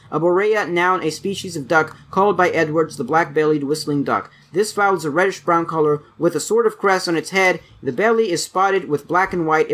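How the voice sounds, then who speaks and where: A man reading dictionary entries aloud at a brisk pace, stumbling now and then and correcting himself. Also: high-pitched, fairly bright tone. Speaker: channel host reading aloud.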